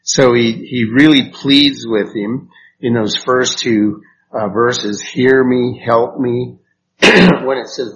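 A man praying and teaching a Bible study, talking haltingly with many fillers and restarts. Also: mid-range voice, steady tone, fairly bright tone. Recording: dull lo-fi recording with faint noise.

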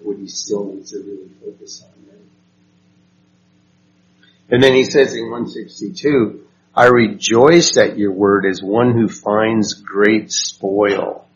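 A man teaching a Bible study class, reading verses and asking the group questions. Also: fairly low pitch. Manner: slow and unhurried, asks the group questions. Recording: dull lo-fi recording with faint noise.

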